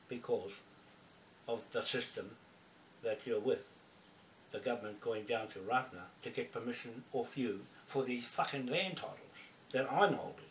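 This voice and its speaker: Angry New man, profane confrontational rant, echoey room, off-mic. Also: medium pitch. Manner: furious, swearing constantly, confrontational. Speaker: video poster. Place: indoors at a computer. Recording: roomy, distant from mic, faint background noise.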